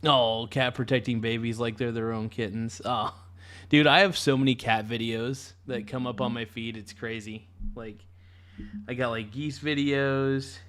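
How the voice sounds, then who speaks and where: Casual and chatty on his live stream, a man calls the action with worked-up, annoyed narration and frequent profanity. He has a medium-pitched voice and a slightly slow delivery.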